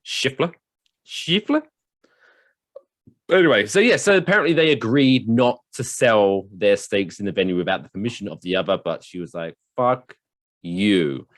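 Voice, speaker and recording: Co-hosting a podcast, a man rambles through jokey, comedic banter and reads out bits of news. He has a lowish voice and talks fast with hardly any pauses, on a dry recording.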